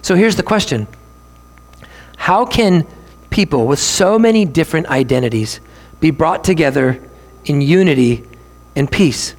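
Man, pastor, sermon, emphatic, repeats key lines slowly, church sanctuary. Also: fairly high pitch, animated. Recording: long hall reverb.

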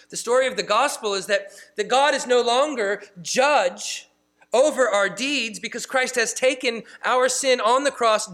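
Guy pastor preaching, pretty high bright voice, punches some words then drops real quiet. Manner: emphatic, shifts between loud stresses and quiet asides. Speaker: pastor and church planter. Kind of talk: sermon.

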